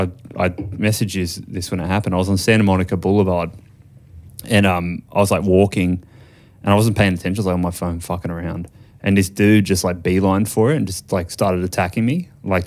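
Aussie dude, lowish voice, rambly swear-heavy storytelling on a podcast. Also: male voice, fairly even intonation, fairly quick. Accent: Australian. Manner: loose, crude anecdotes, laughs often. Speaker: podcast co-host. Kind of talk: casual banter.

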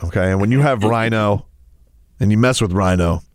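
A man's voice: moderate pace, background noise. A man hosting a sports talk radio show, chatting casually and joking with his co-host. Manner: animated, joking, jumps around in pitch.

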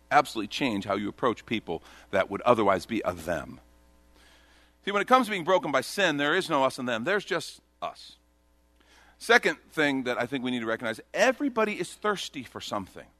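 A man preaching a sermon, his voice lively and swinging through a wide range of pitch. His tone is bright and forward, and he acts out the Bible figures as he tells the story. The sound is dry and close, with no room echo. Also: brisk. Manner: animated storytelling, voicing Bible characters in quotes. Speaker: pastor.

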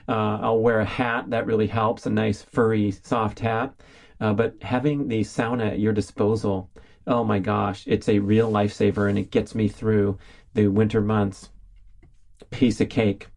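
A man's voice: on the low side, darkish tone. Upbeat, chatty man hosting a podcast. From California, US. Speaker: podcast host. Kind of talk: casual solo podcast monologue.

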